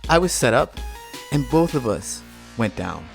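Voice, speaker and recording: A man hosting a podcast, telling a personal story with plenty of swing in his voice. His pitch sits mid-range, and soft music plays underneath. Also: a little slow, vocal fry. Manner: animated, reenacts scenes with voiced quotes. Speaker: podcast host.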